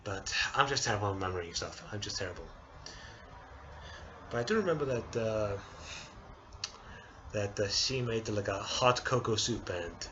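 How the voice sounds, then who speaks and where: Casting: tearful young male vlogger, halting delivery, lowish bright voice, dull lo-fi sound. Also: a little hiss or hum. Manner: halting, hesitant, many restarts and apologies. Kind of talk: casual personal update.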